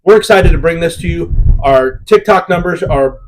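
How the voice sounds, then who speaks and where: A man's voice: on the high side, normal speed, a little hiss or hum. A man co-hosting a casual podcast chat, a parent who talks in an upbeat, rambling way with plenty of fillers. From Iowa, United States. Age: adult with children. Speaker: podcast co-host.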